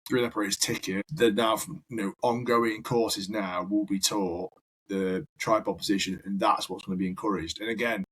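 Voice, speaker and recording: A man's voice: fairly low pitch, fairly even intonation, normal speed, fairly bright tone, husky, rough recording. A man, a firefighter guest on a podcast, telling long rambling anecdotes in casual chat. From United Kingdom. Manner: rambling anecdotal storyteller, repeats words.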